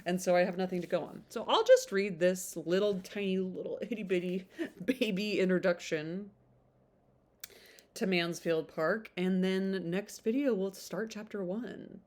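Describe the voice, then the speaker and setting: A woman's voice: medium pitch, a little slow, a little mellow. A woman chatting casually as a book vlogger, rambling with lots of filler words and restarts. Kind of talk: casual chat about a novel.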